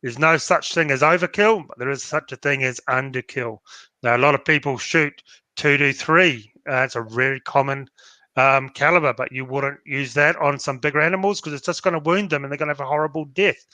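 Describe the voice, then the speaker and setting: A man's voice: medium pitch, brisk, bright, forceful tone, no room sound. An Australian man co-hosting a podcast, giving direct, practical advice in a casual chat. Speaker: podcast co-host.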